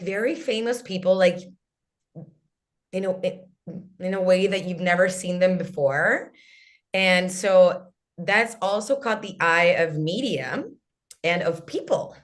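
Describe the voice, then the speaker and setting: A woman's voice: on the low side, slow pace, pauses often. A woman in her thirties from Chile, an English speaker, telling stories as a podcast guest on a video call, full of "like" and restarts. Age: 30s. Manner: animated storyteller, lots of "like" and restarts. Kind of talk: casual interview.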